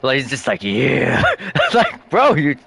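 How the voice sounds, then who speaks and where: A man's voice: on the high side, a little slow, husky, no echo. A man streaming a game, telling stories in casual chat with lots of swearing and bursts of laughter. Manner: animated, profane storytelling with bursts of laughter. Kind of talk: casual chat while gaming.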